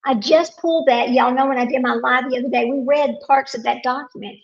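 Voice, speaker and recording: A woman's voice: sits high, fairly even intonation, brisk, gravelly, lo-fi sound. A woman hosting a casual live stream, talking to viewers while searching her computer and getting frustrated.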